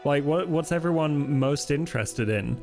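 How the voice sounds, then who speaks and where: A man wrapping up a tabletop game as game master, relaxed and wry. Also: fairly high pitch, moderate pace, creaky, faint music behind. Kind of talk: post-game chat.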